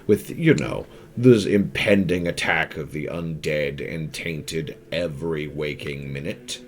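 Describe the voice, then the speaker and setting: Blunt frontier commander, no patience, extremely deep register, voiced by a man. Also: measured pace. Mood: stern. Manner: blunt, no-nonsense. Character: stern male commander of a besieged town.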